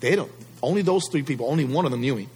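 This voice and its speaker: A man's voice: medium pitch, animated, rapid-fire, a little mellow, slightly rough. A male pastor preaching a sermon, emphatic and fond of rhetorical questions to the congregation.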